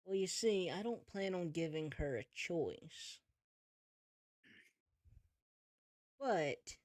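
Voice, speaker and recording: A man's voice: a little high, darkish tone, dry recording, studio quality, exaggerated voice. A man voicing a menacing, mocking wolf king who taunts and sings his threats in a tabletop role-play.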